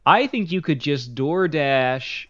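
A man's voice: on the high side, lively intonation, slow, fairly bright tone, dry recording. A man co-hosting a board game podcast in casual chat, wry and teasing, often calling his co-host by name. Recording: slightly dull, dry lo-fi sound.

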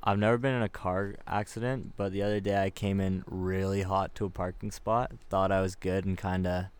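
A young man hosting a loose podcast chat with friends. His voice sits fairly low, and he drops short, dry, teasing jokes between the stories. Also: little pitch movement, brisk, clear, resonant tone. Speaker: podcast host. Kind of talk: casual chat.

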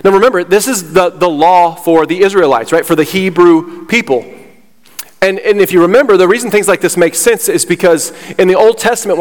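A man preaching a sermon as pastor, fired up and slightly out of breath, emphatic and repeating himself. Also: high-pitched. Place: church sanctuary. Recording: long hall reverb.

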